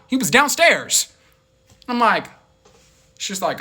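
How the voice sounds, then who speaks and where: Animated rambling young man. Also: high-pitched, moderate pace, slightly rough. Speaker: vlogger. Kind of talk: casual storytelling.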